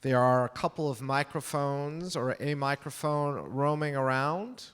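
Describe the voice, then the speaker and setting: A man moderating an onstage author interview, asking gentle questions before handing over to the audience. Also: on the high side, steady tone, a little slow, clean tone.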